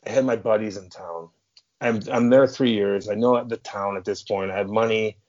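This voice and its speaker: A man's voice: fairly low pitch, steady tone, normal speed, darkish tone. A man in his thirties from St. Louis, a former hockey player telling rambling, swear-filled stories as a podcast guest. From St. Louis, USA. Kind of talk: casual storytelling. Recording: muffled lo-fi podcast audio.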